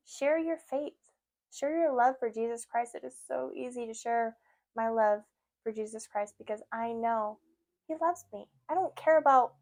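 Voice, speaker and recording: A woman's voice: on the high side, darkish tone. A woman hosting a podcast, sharing her faith in an earnest, emotional, chatty way with lots of fillers. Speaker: podcast host. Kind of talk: casual faith talk.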